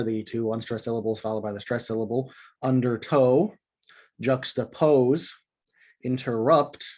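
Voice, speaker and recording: A man hosting a video lesson on poetic meter, explaining in a relaxed, casual way with many fillers. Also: medium pitch. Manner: reads poem lines slowly and rhythmically. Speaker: poetry teacher and video host.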